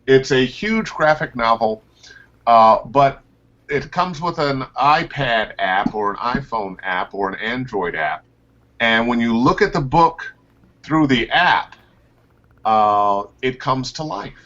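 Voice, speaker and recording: A man, a voice actor, telling stories from his career in a casual interview over a video call, his pitch leaping up and down as he talks. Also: slow, muffled recording. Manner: animated storyteller, pitch leaps up and down. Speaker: voice actor guest.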